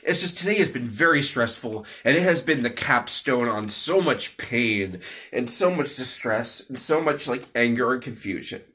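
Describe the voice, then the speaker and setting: A man's voice: medium pitch, animated, normal speed, sharp tone. A young man giving an off-the-cuff personal update at home, rambling with many fillers and restarts. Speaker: vlogger.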